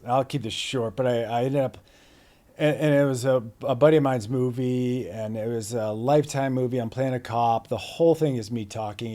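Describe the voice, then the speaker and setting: Mellow-voiced man telling laid-back stories. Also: mid-range voice. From Plymouth, Massachusetts. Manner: laid-back, slangy, many fillers and restarts. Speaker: guest actor. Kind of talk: casual interview storytelling.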